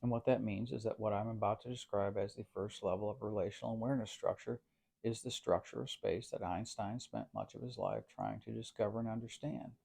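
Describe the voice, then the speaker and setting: A man giving a scripted philosophical narration in a measured, formal way, with long winding sentences. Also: on the low side, fairly even intonation, vocal fry, a little mellow.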